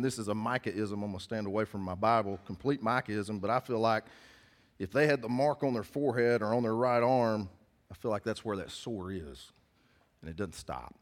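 A man's voice: lowish voice, brisk. A man preaching a sermon in a folksy, conversational way, often putting questions to his congregation. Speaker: pastor.

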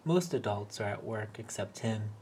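A man reading a short story aloud in a wry, deadpan way. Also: lowish voice, moderate pace, slight background noise. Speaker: reader.

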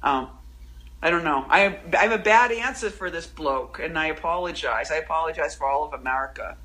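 Woman poet guest, bright tone, rambling and self-interrupting. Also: deep voice, brisk, low-quality recording. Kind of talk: casual interview chat.

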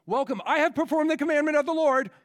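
A man's voice: very high voice, quick pace, voice pushed up. A preacher voicing King Saul as an evasive grown man who stammers out excuses. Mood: overeager. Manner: protests too much, stammering excuses.

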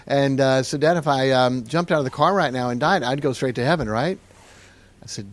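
A middle-aged man, a pastor, telling stories on a podcast and acting out the dialogue with a lively, laughing delivery. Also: medium pitch, fast talker, no echo. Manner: animated storyteller who acts out dialogue and laughs often.

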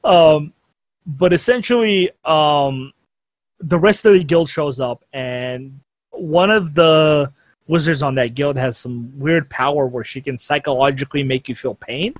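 A young man hosting a podcast chat, recapping episodes in a loose, rambling way and laughing often. His voice sits a little high for a man. The recording is close and dry with no room sound. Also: a little slow, no echo. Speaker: podcast host. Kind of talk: casual anime recap chat.

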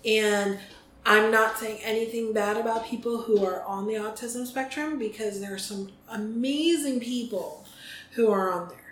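This woman's voice is fairly high and moves at a normal speed. She's a US podcast co-host in casual conversation, with ums and restarts, and the echoey room carries faint noise.

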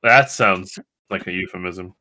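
A man with a low voice and a bright, crisp edge describes scenes at a tabletop role-playing game. He makes dry, wry remarks along the way. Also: a little slow. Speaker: player.

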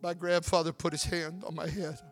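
Man, high voice, preacher, storytelling sermon that swells into shouting, faint music underneath. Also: level tone, fairly quick.

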